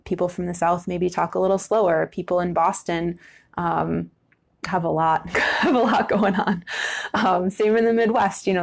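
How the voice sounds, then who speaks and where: A woman's voice: lowish voice, creaky, a little mellow. A woman education director giving a casual online talk about birds, answering viewer comments with many filler words.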